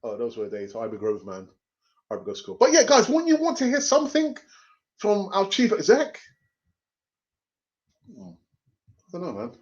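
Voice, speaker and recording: Lively man chatting on a stream. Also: high-pitched, dull audio. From North London. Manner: chatty, laughs often, does quick voices. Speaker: fan channel host. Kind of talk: casual live-stream chat.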